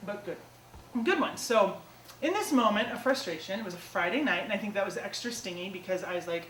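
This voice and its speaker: A woman telling funny stories from a small theater stage in a loose, self-mocking way, full of casual fillers. Her voice sounds set back from the mic and rings around a roomy hall, with a clear bed of audience noise behind it. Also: medium pitch, animated, brisk, recorded from a distance. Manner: chatty, self-mocking, lots of "like" and "you know". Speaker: comedic storyteller. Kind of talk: live stand-up storytelling. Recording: echoey theater taped from afar with audience noise.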